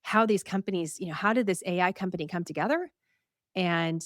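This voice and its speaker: A woman hosting a news show, talking casually to a live audience in a chatty, animated way, laughing and asking viewers what they think. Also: lowish voice, a little fast, no room sound, clean studio sound.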